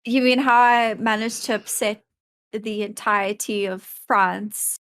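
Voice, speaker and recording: A woman's voice: medium pitch, steady tone, a little slow, a bit bright, clear, resonant tone, dry recording. Laid-back, amused woman guest, dry sound. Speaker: streamer guest. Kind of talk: casual interview chat.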